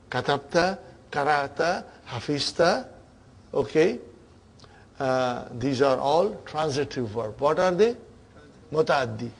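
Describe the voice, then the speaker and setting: An Arabic grammar teacher, a man whose voice is fairly high, keeps questioning his students repeatedly while murmuring gentle praise.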